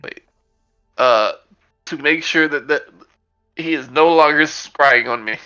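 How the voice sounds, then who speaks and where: A man's voice: on the high side, takes it slowly, bright, forceful tone, smooth, muffled recording, soft background music. A man playing a tabletop game, chatting casually, rambling and laughing as he jokes with the group. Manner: rambling, joking, laughs often. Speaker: player.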